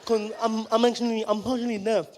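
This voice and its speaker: A man voicing a blunt, pushy young male fan who talks loudly and insistently, on a stand-up comedy stage. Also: brisk, close to an everyday voice. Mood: eager. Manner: loud, insistent, high and excited.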